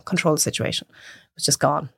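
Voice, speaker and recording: Irish woman, 30s, guest; animated storyteller, dry close mic. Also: deep voice, a little fast, vocal fry, breathy edge, no echo. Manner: animated storyteller acting out quotes. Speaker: podcast guest. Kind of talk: casual chat.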